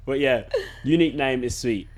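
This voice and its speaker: A man's voice: medium pitch, moderate pace. A man hosting a casual interview, asking playful, teasing questions with some slang. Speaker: podcast host. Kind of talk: casual chat.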